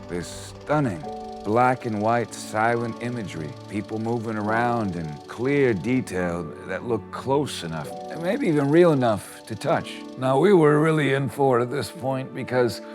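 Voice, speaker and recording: A man's voice: mid-range voice, expressive, unhurried, lightly acted. Man playing an old tall-tale teller, theatrical and rambling, music beneath. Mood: reminiscing. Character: rambling old man recalling early cinema. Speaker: interviewee in a comic short film.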